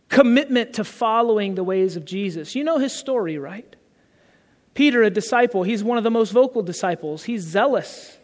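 A man's voice: high voice, in a large hall. A male pastor preaching a sermon in a conversational way, asking the congregation rhetorical questions.

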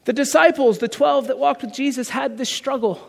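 A male pastor with a very high voice delivers a sermon in an easygoing, conversational style and keeps putting questions to his listeners. The voice rings out in a large church, with a long reverb trailing each line. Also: normal speed, gravelly. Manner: conversational preaching with rhetorical questions.

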